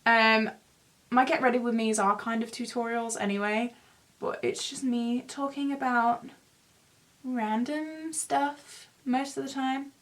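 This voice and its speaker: A woman's voice: fairly high pitch, fairly even intonation, unhurried. A young woman in her twenties chatting in a rambling, self-mocking way while doing her makeup for a beauty vlog. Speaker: beauty vlogger. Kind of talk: casual get-ready-with-me chat.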